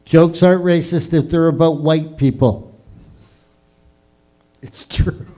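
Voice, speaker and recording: A man hosting a live open mic comedy night, with crude, loud and swearing banter between acts. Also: a little high, fairly even intonation, moderate pace. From Canada.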